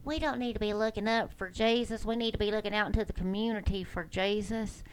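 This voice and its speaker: A woman's voice: medium pitch, steady tone, a little fast, clean tone, close to an everyday voice, poor audio. A woman mimicking a drawling Texas preacher. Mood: mocking. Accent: mock Texas. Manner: drawling, mocking.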